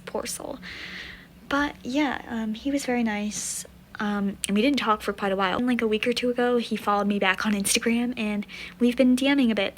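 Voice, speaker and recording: Young woman, storytime vlog, rambling, fillers, half-whispered, mid pitch, faint hiss. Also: rough recording. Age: young adult. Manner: rambling, many fillers, often drops to a soft whisper. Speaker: vlogger.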